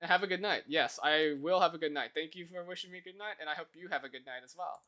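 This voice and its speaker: A live streamer greeting viewers and thanking them, humming and mumbling quietly between remarks while coding at a desk mic. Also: mid-range voice, fast. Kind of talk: casual chat while coding.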